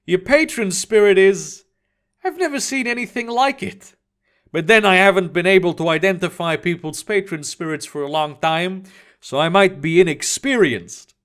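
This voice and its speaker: A man's voice: high voice, normal speed, fairly bright tone. A man voicing a smug, mocking villain mage. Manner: casual, mocking.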